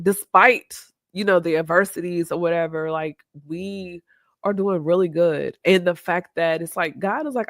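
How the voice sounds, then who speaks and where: A woman's voice: fairly low pitch, moderate pace, dry recording, clean studio sound. Reflective woman host. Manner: reflective, open, quotes herself and others in lively voices. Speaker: podcast host. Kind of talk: candid conversational chat.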